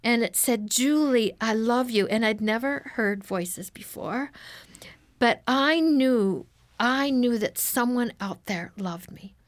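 A woman's voice: a little high, animated, takes it slowly, dry recording. A woman guest on an interview, telling her life story in an earnest, emotional way. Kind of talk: personal testimony in an interview.

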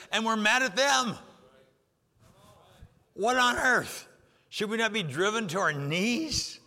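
A man's voice: high voice, pushed and bright. Older male preacher in a reverberant hall. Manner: emphatic, rising and dropping for effect, repeats phrases. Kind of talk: sermon. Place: church sanctuary.

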